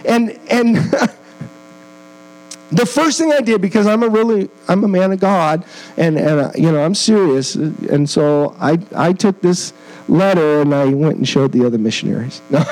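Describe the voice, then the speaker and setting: A man's voice: high-pitched, unhurried, a little mellow, rough recording. A man, a missionary preaching as a guest in a church, telling a personal story with earnest feeling and self-deprecating humor. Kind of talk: storytelling sermon.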